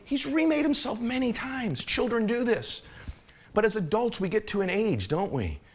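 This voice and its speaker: A middle-aged man giving a motivational speech, impassioned and swinging between urgent and hushed, intimate moments. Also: extremely high pitch. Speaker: motivational speaker.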